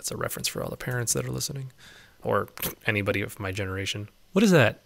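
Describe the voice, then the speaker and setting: Speaking fast in a lowish, creaky voice, a man provides chatty let's play commentary, laughing frequently. He sings out to in-game animals to coax them along.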